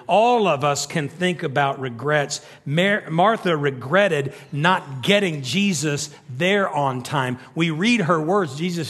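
A middle-aged man preaching a sermon, telling stories with animated energy that climbs to near-shouts. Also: a little high, unhurried, few pauses. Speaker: pastor. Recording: long reverb of a large hall.

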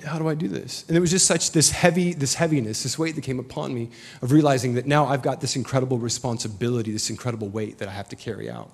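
A man's voice: mid-range voice, a little mellow, breathy edge. Casual storytelling man preaching. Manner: casual, storytelling, joking asides. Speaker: pastor. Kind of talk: sermon.

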